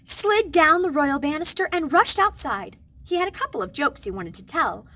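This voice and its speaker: Brief: high, animated woman librarian, playful picture-book read-aloud. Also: moderate pace, low-quality recording. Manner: expressive, playful storytelling. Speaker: children's librarian. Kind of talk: children's storytime read-aloud.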